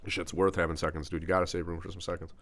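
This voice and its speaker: Fast-talking deep-voiced podcast host. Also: male voice, little pitch movement, gravelly, fairly bright tone. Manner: laid-back, swears freely. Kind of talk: casual podcast chat.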